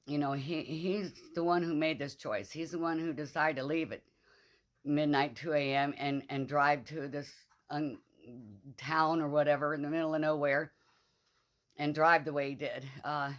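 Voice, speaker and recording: A woman's voice: low-pitched, steady tone, normal speed, no room sound. A middle-aged woman in a casual vlog monologue, grieving and angry, rambling bluntly and swearing freely. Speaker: vlogger.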